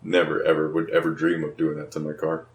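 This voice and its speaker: Deep-voiced man, blunt, far in echoey room. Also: monotone, brisk. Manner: blunt, laid-back, swears casually. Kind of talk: casual chat.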